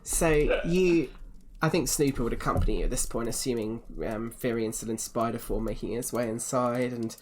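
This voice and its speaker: A man's voice: medium pitch, brisk, few pauses, slight background noise. A man narrating as game master in a rambling way, with many fillers.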